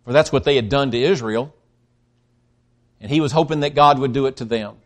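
A man preaching a sermon, emphatic and swinging between loud stresses and quiet drops, with frequent restarts. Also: mid-range voice, a little fast. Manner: emphatic, rising and dropping in volume, with restarts.

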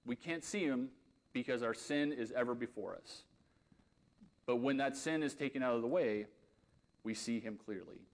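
A man preaching with real earnestness. His voice sits in an ordinary middle pitch, and he swings between loud, emphatic declarations and quiet, intense asides. The delivery is sermon-like, aimed at a congregation. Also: moderate pace, pauses often. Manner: leads a closing prayer.

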